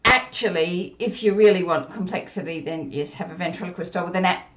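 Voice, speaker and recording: A woman with an Australian accent, a ventriloquist chatting on a video call with quiet asides. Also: on the low side, brisk, dull audio. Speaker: ventriloquist guest speaker. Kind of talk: casual chat on a video call.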